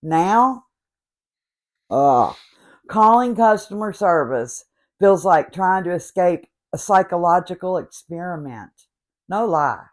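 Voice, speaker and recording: Fifty-something lady with an accent doing a slow sarcastic comedy rant, exasperated. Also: fairly low pitch, lively intonation. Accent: noticeable regional accent. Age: 50s. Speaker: host.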